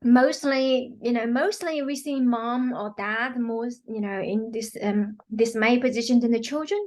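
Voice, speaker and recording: A woman's voice: fairly high pitch, fairly even intonation, unhurried, darkish tone. A woman guest, a healing practitioner, explaining her work earnestly with frequent fillers. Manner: earnest, many "you know" fillers, acts out quotes. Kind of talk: explanatory interview talk.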